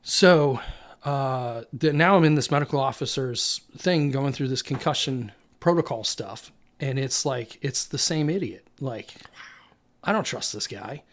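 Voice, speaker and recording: A man's voice: mid-range voice, measured pace. A young man, a Marine veteran, recounting his deployment in a candid, rambling way, full of fillers and acted-out dialogue. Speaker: Marine infantry veteran guest. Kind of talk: casual storytelling interview.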